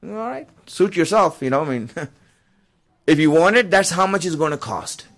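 A man's voice: on the high side, animated, normal speed, fairly bright tone. A man voicing a curt male stranger who bargains for water in a blunt, offhand way.

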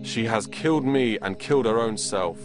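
A man voicing a wronged man who laments his betrayal in a slow, recited way. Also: lowish voice, pitched above the performer's own voice, close to an everyday voice. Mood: lamenting. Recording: music playing underneath.

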